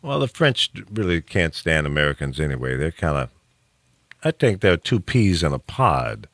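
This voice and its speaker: A man hosts a talk show with a very deep voice that still rings bright and forceful. His pitch swings widely as he talks, and he keeps restarting his thoughts and chuckling. The sound is close and dry, with no room in it. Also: moderate pace, dry recording. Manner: opinionated, animated, chuckles often, frequent restarts. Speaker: radio talk show host. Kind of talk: casual talk show banter.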